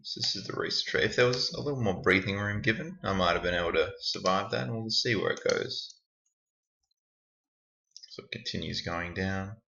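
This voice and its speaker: Low-voiced man rambling through a screen recording. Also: moderate pace, vocal fry, sharp tone. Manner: rambling, thinking aloud, self-critical. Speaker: trader reviewing his backtest results. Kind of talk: casual screen-recording walkthrough. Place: indoors at a computer. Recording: echoey room, dull lo-fi sound.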